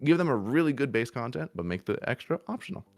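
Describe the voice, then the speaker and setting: A man's voice: mid-range voice, very animated, quick pace, faint music behind. Blunt, emphatic male streamer. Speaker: VTuber streamer. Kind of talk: casual stream chat giving advice.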